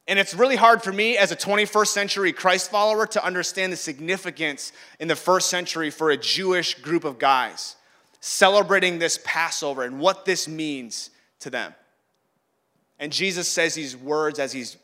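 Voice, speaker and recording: A man giving a sermon in a conversational way, acting out the voices he quotes and swinging from loud to hushed. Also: sits high, animated, moderate pace. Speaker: pastor.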